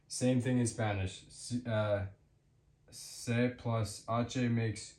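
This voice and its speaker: A man giving a casual spoken language lesson, hesitant with many fillers, repeating example words slowly. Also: mid-range voice, level tone, darkish tone, echoey room. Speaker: language teacher.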